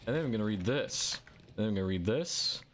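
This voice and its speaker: A man live-streaming a survival game, chatting excitably and playfully and making silly sound-effect noises. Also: fairly low pitch, quick pace, slight background noise.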